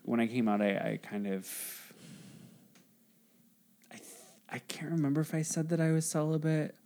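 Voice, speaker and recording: A man in his twenties talking casually on a podcast, halting with restarts and small laughs. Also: on the high side, expressive, mellow. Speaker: podcast host.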